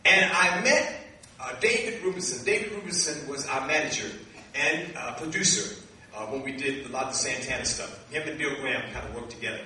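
A man preaching a sermon, a lively storyteller who acts out dialogue and laughs along the way. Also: medium pitch, fairly quick, slight background noise. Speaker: minister. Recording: echoey hall from a distance.

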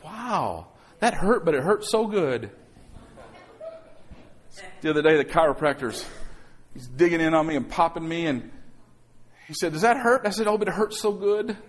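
A man's voice: a little high, slightly rough. A man pastor preaching a sermon to his congregation, calling out for amens and acting out quotes. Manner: calls for amens, acts out quotes. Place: church sanctuary.

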